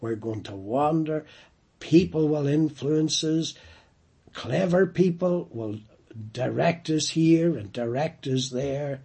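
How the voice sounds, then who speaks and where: Male preacher, husky and unhurried, storytelling sermon delivery. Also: fairly high pitch, animated, warm tone. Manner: storytelling, slowing down for emphasis.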